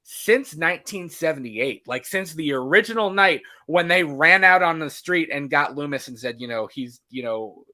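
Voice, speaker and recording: A man's voice: fairly high pitch, expressive, normal speed, few pauses, bright, forceful tone. A man co-hosting a movie podcast, talking casually, laughing often and acting out characters' lines. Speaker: podcast co-host.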